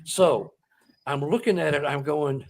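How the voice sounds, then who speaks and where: A man's voice: fairly high pitch, a little slow, gravelly. Emotional man telling a personal story. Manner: emotional, excitable, repeats words when moved. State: close to tears. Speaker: author and guest. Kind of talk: conversational storytelling.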